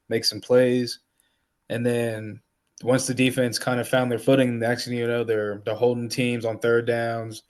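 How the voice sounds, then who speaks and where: A man co-hosting a casual sports podcast, talking in a laid-back way. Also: medium pitch. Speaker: podcast co-host.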